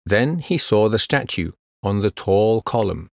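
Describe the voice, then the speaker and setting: Slow, expressive male storyteller. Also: on the low side, gravelly, dry recording, clean studio sound. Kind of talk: storybook narration.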